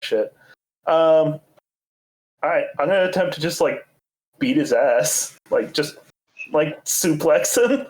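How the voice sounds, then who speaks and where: Deadpan man playing a tabletop game. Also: on the high side, slow pace, long pauses, low-quality recording. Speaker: player.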